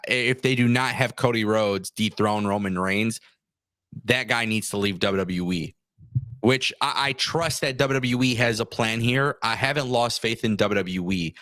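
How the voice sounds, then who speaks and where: A man with a lowish, pushed, bright voice co-hosts a livestream about wrestling, recorded in studio quality with no room sound. He sounds fired up and frustrated, often stumbling and restarting his sentences.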